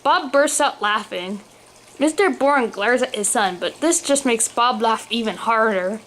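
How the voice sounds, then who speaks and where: A woman's voice: a little high, a little slow, a bit bright, slight background noise. A woman narrating a funny storybook aloud, with the odd slip while reading. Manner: reads aloud, occasional slips. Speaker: story reader.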